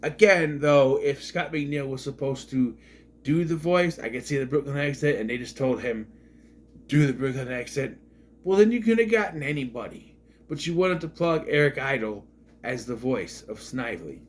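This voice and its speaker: A man's voice: medium pitch, expressive, moderate pace. Rambling sarcastic male movie reviewer. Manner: rambling, sarcastic, repeats himself. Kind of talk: casual review monologue.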